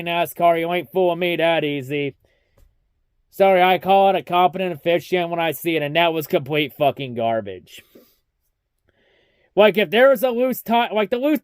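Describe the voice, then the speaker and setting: Ranting high-voiced young man recapping races. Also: clean tone, no echo, clean studio sound. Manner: ranting, heavy swearing, mocking. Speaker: racing recap vlogger. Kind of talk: casual profane race recap.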